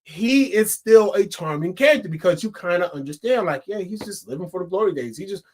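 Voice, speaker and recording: High-voiced rambling man reviewing a film. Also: expressive, fairly quick, a little mellow. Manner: rambling, filler-heavy, laughs often. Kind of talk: casual spoken movie review.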